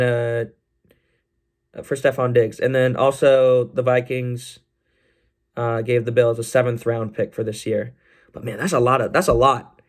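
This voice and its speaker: A young man hosting a casual solo sports podcast, rambling and excitable, with many fillers and restarts. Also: mid-range voice. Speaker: podcast host.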